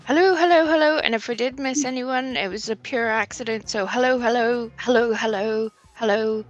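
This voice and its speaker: A woman's voice: fairly high pitch, fairly even intonation, moderate pace, lo-fi sound, faint music behind. A woman hosting a casual livestream, greeting viewers one by one and laughing often. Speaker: livestream host.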